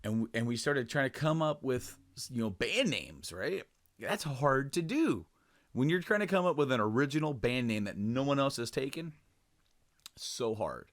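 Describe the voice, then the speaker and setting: A man's voice: mid-range voice, expressive, moderate pace, dry recording, studio quality. A man co-hosting a casual podcast, telling a rambling story with frequent laughs and restarts. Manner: rambling, laughs often, lots of fillers and restarts. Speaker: podcast co-host.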